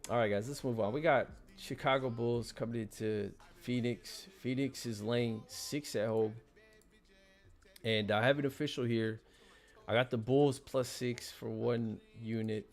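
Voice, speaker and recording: Hosting a sports betting stream, a man chats loosely and casually in a gravelly, creaky voice of middling pitch. His intonation is fairly even and his pace a little slow, and he stammers and repeats words often while working through his picks, with faint music playing behind him.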